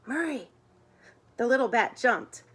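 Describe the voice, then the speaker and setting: A woman reading a children's chapter book aloud in an expressive way. She gives the characters their own voices. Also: fairly high pitch, normal speed. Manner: expressive, voices the characters, chats about the pictures.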